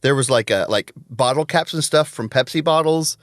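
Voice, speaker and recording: A man's voice: mid-range voice, moderate pace, a bit bright, dry recording, clean studio sound. A man hosting a casual podcast chat, telling stories and laughing often. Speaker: podcast host.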